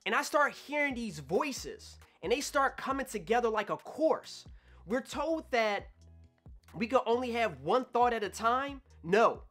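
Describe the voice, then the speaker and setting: A man telling a personal story to camera in an animated way, acting out his own past thoughts. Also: extremely high pitch. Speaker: vlogger.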